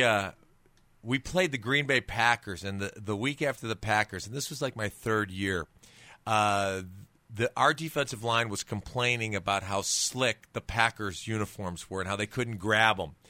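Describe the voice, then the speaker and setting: Interview guest, male former athlete; bright, animated storyteller; dry close studio sound. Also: lowish voice, unhurried, no room sound. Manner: animated storyteller with many restarts. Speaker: guest, former pro football player and author.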